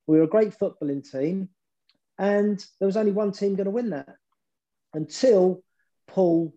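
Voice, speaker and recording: Dark-voiced man with animated storytelling. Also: sits high, a little slow, muffled recording. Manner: animated, repeats words as he builds a story. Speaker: former football manager, guest. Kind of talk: storytelling interview.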